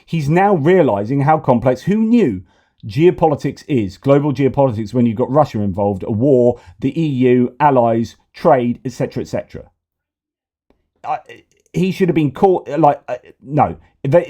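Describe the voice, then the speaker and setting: A man's voice: medium pitch, animated, normal speed, dark tone. A man giving sarcastic, exasperated political commentary, often repeating himself. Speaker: news commentator.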